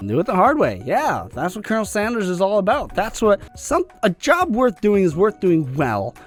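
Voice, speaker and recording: A man's voice: high voice, huge pitch swings, normal speed, soft background music, pitched above the performer's own voice, heavily acted. A man voicing a stubborn, old-fashioned male chef with a put-on Southern US drawl, folksy and preachy. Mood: proud.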